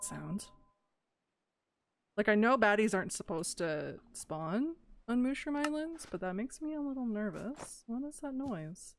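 A woman hosting a gaming let's play in casual commentary, excitable and quick to gasp and squeal at cute creatures. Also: a little high, slight background noise.

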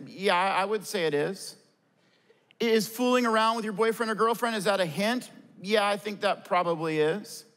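A man's voice: sits high, fairly bright tone. A man preaching a sermon from a church stage, earnest, posing questions and answering them himself. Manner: earnest, asks and answers his own questions. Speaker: pastor. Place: church stage before a congregation. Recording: long hall reverb.

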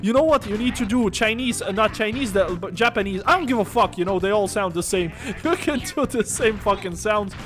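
A man's voice: sits high, expressive, brisk, hardly any pauses, fairly bright tone. A man giving casual let's-play commentary while gaming, joking, swearing and laughing often.

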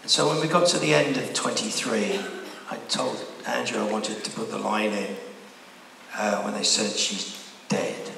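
A man's voice: lowish voice, steady tone, moderate pace, vocal fry, sharp tone, recorded from a distance, a little hiss or hum. A man, an actor, answering fan questions at a convention panel in a wry, rambling, candid way. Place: large convention hall. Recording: echoey hall heard from afar.

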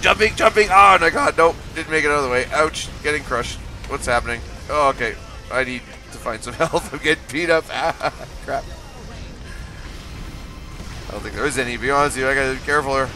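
A man streaming live gameplay, excitable, laughing often and trash-talking the enemies on screen. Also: mid-range voice, brisk, soft background music. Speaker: game streamer.

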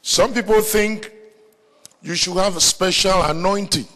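African-accented preacher man, high voice, slow and deliberate, big hall reverb around him. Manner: animated storytelling preacher, bursts into shouts. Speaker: pastor. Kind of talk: sermon. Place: large church hall, live meeting.

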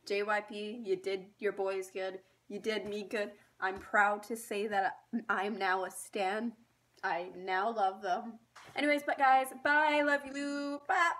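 A woman's voice: medium pitch, steady tone, slow pace, fairly bright tone. A young woman reacting to a music video, gushing and squealing with frequent laughter as the video plays behind her. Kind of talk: excited reaction vlog. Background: music video playing.

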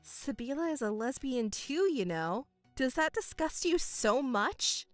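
A woman voicing a calm, cold young stepdaughter in a dramatized story, speaking in a measured, coolly firm way. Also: high-pitched, dry recording, soft background music.

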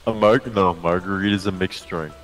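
A man's voice: deep voice, steady tone, fairly quick, fairly bright tone, faint music behind, rough recording. A man voicing Mario, a teasing young sidekick in a game roleplay who corrects his friend and eggs him on.

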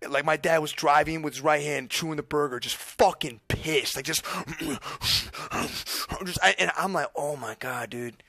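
A young man streaming, telling a story in casual, excited, profane chat full of restarts. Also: a little high, brisk, gravelly, few pauses, no room sound.

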